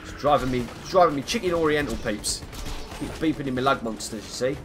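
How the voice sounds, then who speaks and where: A man's voice: mid-range voice, expressive, fast, over music. A young man streaming a game live, chatting in a rambling, self-mocking way and greeting viewers by name. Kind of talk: casual live-stream gaming chat.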